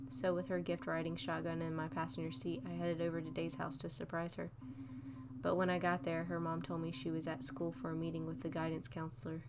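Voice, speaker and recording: A woman playing a story game, reading the narration aloud and adding soft, reflective asides. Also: deep voice, completely flat delivery, brisk, noisy background. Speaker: let's play gamer. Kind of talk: reading a visual novel aloud with commentary. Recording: game music clearly behind.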